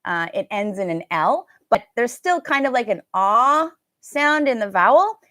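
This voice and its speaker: A woman's voice: on the high side, very animated, a little slow, sharp tone, dry recording, clean studio sound. A woman teaching a live online English pronunciation class, chatting casually and stretching out vowel sounds to demonstrate them.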